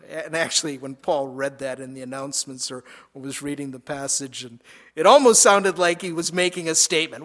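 A man's voice: on the high side, brisk, fairly bright tone. A man preaching a sermon, reading scripture verses aloud and explaining them, with frequent small repetitions. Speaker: pastor.

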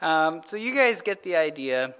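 Guy pastor doing a laid back bible study, animated storytelling, keeps saying right?. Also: a little high, moderate pace, clear, resonant tone. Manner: casual, animated retelling with frequent "right?" asides. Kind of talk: conversational Bible teaching.

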